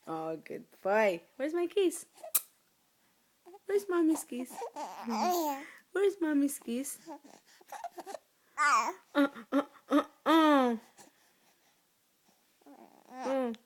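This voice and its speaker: A woman's voice: high-pitched, darkish tone. A woman talking baby talk to her infant son, cooing and asking the same short questions over and over.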